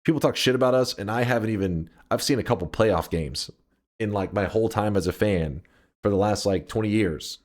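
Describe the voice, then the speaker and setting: A man's voice: fairly low pitch, brisk. A man in his thirties chatting casually on a livestream, ranting and joking with lots of swearing. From United States. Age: 30s. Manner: ranting, profane and jokey with chat.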